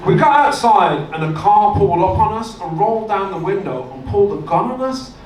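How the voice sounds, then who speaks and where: Heard from a distance in a roomy club with live-room noise behind him, a stand-up comedian tells stories deadpan and delivers punchlines in a high voice. He moves briskly.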